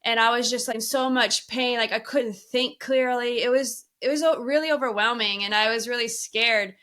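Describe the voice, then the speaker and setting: Bright-voiced woman telling a story. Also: fairly high pitch, fairly even intonation, normal speed. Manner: chatty storytelling with frequent laughs. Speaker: podcast co-host. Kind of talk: casual chat.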